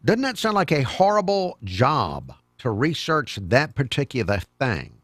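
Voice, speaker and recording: Animated, lively-voiced male radio host. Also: mid-range voice, a little slow, no room sound, studio quality. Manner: chatty, folksy, animated. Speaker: radio talk show host. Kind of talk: call-in radio talk. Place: radio studio. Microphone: studio microphone.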